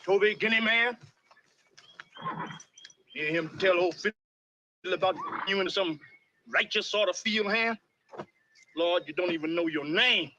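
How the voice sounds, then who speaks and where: An older enslaved fiddler, high bright voice. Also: male voice, a little slow, pauses often, dull audio, a little hiss or hum. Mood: scolding. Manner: thick rural Southern period dialect, deferential to master. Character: older enslaved male fiddler, eager to please, wary. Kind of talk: film drama acting.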